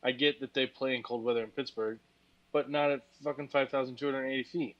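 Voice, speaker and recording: A man's voice: mid-range voice, little pitch movement, fairly quick. A man co-hosting a podcast, tired and rambling about football with crude jokes and lots of fillers. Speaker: podcast co-host. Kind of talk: casual sports chat. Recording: slightly dull lo-fi sound.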